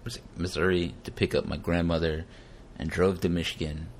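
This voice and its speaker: A man's voice: low voice, level tone, a little fast, slight background noise. A man hosting a podcast, chatting casually and joking, laughing often. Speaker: podcast host.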